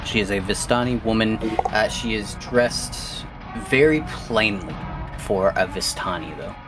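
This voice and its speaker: A man narrating as game master, relaxed and rambling with plenty of fillers. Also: on the low side, a little slow, over music.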